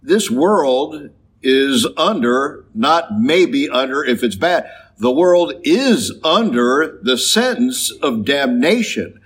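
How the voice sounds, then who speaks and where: A man, a priest, preaching a sermon slowly and emphatically, drawing out key phrases. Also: medium pitch, breathy edge. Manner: slow, emphatic preaching with drawn-out stressed phrases.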